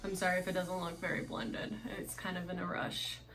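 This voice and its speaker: A woman's voice: lowish voice, level tone, a little fast, over music. A woman with a Russian accent chatting casually through a makeup box unboxing, rambling with lots of fillers. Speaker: beauty vlogger.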